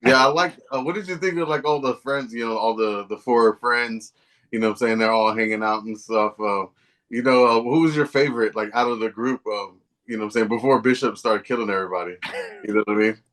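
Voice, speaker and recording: A man's voice: mid-range voice, brisk, fairly bright tone. A man co-hosting a podcast, talking in a laid-back way with many fillers and asking his co-host questions. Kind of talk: casual chat.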